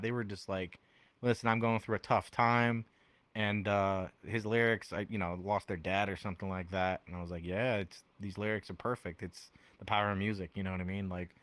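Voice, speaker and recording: A man's voice: lowish voice, fairly bright tone, dry recording. Rambling laughing young-sounding man. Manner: rambling, filler-heavy, laughs often. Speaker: podcast guest, VR music performer. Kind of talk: casual chat.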